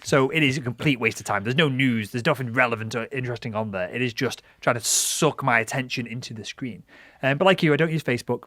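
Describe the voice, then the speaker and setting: A hoarse man co-hosting a casual chat, choosing his words carefully and hedging his points. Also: medium pitch, fast, sharp tone, no echo, studio quality. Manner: careful, hedging, self-explaining. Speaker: co-host.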